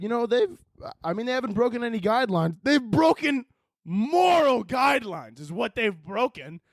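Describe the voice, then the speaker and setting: A young man hosting a podcast, ranting profanely and swinging between yelling and mumbling. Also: a little high, no echo, clean studio sound. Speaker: podcast host. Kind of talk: casual comedic rant.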